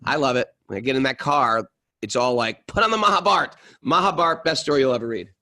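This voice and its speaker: A man's voice: mid-range voice, fast, sharp tone, no echo. A middle-aged man hosting a casual spiritual podcast, enthusiastic and self-deprecating, telling stories with animation. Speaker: podcast host.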